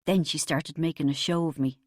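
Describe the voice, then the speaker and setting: A woman's voice: deep voice, fairly even intonation, fairly quick, no room sound, studio quality. A woman voicing a bitter, boastful middle-aged husband in an audiobook, pompous and aggrieved. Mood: indignant.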